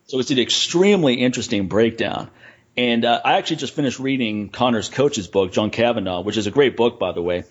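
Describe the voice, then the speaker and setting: A man's voice: mid-range voice, expressive, a little fast. A man in casual podcast chat, breaking down a fight in detail and quoting others with animation. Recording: dull lo-fi sound.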